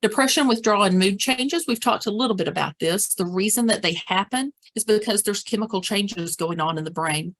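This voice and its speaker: A woman's voice: mid-range voice, brisk, hardly any pauses, fairly bright tone. A woman presenting a dementia care training, speaking practically and repeating words for emphasis. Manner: acts out example phrases and whispers.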